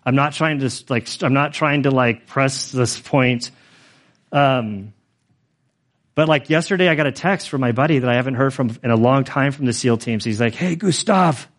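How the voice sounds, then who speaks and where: Male pastor, 40s, mid-pitched, rambling sermon testimony full of fillers, earnest. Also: moderate pace.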